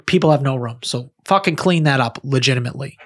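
A man's voice: medium pitch, quick pace, husky. A man co-hosting a podcast, cutting in with crude jokes in casual chat. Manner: joking, crude interjections. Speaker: podcast co-host.

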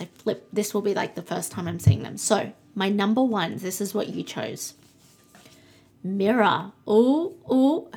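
A young woman with a breathy, slightly husky voice hosts a spiritual podcast. She reads cards and speaks softly and soothingly, slowing down to draw out her affirmations. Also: medium pitch. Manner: soft, soothing, slows down for affirmations. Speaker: podcast host. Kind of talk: spiritual card-reading podcast talk.

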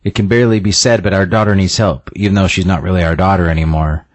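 A man's voice: low voice, steady tone, fast talker, no room sound, close to an everyday voice. A man voicing a desperate mother pleading for help for her sick daughter. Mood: grave.

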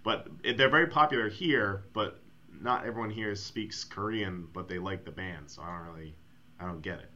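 Man, podcast co-host, mock-angry swearing rants, bright edge, dull sound. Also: fairly low pitch, moderate pace, slight background noise. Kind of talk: casual comedic chat.

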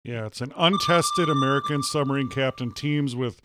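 A man's voice: mid-range voice, normal speed, heavy background noise. A man co-hosting a casual movie podcast, giving blunt, matter-of-fact answers with a dry wit. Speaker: podcast co-host.

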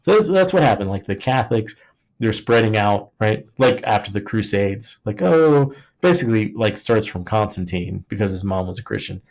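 With a fairly low, darkish voice and lively intonation, this man talks at a moderate pace. He co-hosts a podcast, joking and rambling through history in casual chat, with lots of "like" and many restarts.

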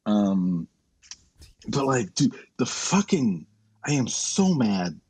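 A man's voice: lowish voice, sing-song, slow, darkish tone, slightly rough, no echo. A man co-hosting a casual comedy podcast, ranting in frustration with heavy swearing. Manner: profane, ranting, exasperated. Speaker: podcast co-host.

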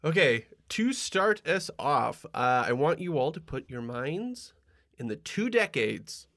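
A man hosting a casual podcast chat, laughing often and trailing off quietly at the ends of thoughts. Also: medium pitch, creaky, dry recording, clean studio sound. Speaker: podcast host.

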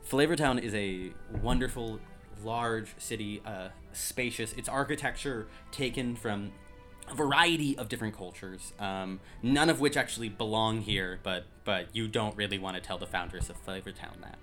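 A man narrating as game master of a tabletop game, describing scenes in a relaxed way with frequent ums. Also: fairly low pitch, normal speed, hardly any pauses, faint music behind.

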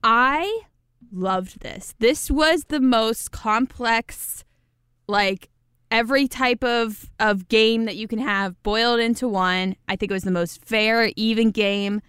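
Smooth-voiced woman, chatty podcaster. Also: fairly high pitch, slow pace, fairly bright tone, no room sound, studio quality. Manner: giggly, chatty and enthusiastic. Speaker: podcast co-host. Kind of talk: casual recap chat.

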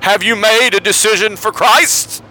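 Man doing a booming stadium evangelist. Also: steady tone, unhurried, sharp tone, exaggerated voice, poor audio. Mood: rousing. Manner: grand, rolling altar-call preaching. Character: booming middle-aged male stadium evangelist.

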